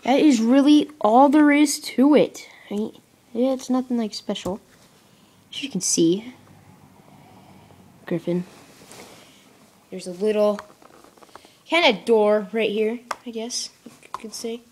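A woman's voice: fairly high pitch, unhurried, pauses often, a little mellow, slight background noise. A young woman casually narrating an unboxing, rambling and self-mocking, often dropping into mutters and whispers. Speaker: product unboxing vlogger.

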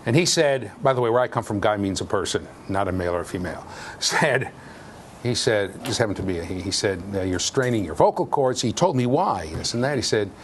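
A man giving a university lecture in an animated, jokey way, with sudden loud outbursts. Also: lowish voice, a little fast, slight background noise. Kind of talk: classroom lecture. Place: lecture hall.

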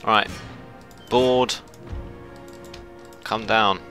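A man giving chatty, self-mocking let's play commentary, shouting orders at his ships when excited. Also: deep voice, moderate pace, soft background music. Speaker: gameplay commentator.

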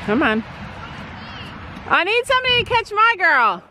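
A woman's voice: extremely high pitch, big pitch swings, moderate pace, bright, forceful tone, a little hiss or hum, rough recording. A woman vlogging outdoors in a paddock, coaxing and chatting to her horse. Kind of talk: casual vlog talk while handling a horse.

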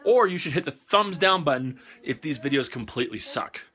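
A man's voice: on the high side, expressive, brisk, fairly bright tone. A young man and father co-hosting a casual family vlog, talking in a joking, self-deprecating, rambling way.

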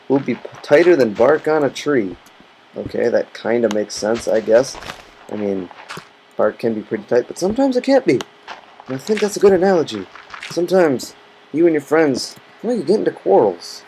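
Rambling goofily to himself as he plays Minecraft, this man gives casual let's-play commentary. His medium-pitched voice swings widely and has a warm tone at a normal speed. The audio is poor, captured on the computer's built-in mic rather than a headset, with a computer fan humming behind him.

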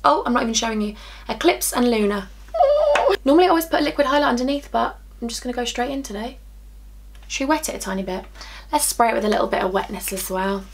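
A young woman giving a bubbly, chatty makeup tutorial, excitable and candid with her viewers. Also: a little high. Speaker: beauty vlogger.

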